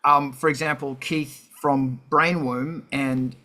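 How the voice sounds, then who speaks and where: A man hosting a casual livestream chat, rambling and animated with many fillers and restarts. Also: fairly high pitch, normal speed. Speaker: host.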